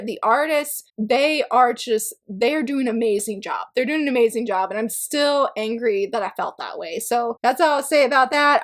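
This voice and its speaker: Animated high-voiced woman vlogger. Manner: animated, emotional, squeals with excitement. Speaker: manga reviewer. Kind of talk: casual vlog chat.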